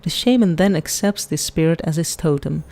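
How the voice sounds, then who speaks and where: A woman's voice: deep voice, normal speed, warm tone. A woman voicing a flamboyant male elf who lectures in a playful, theatrical way.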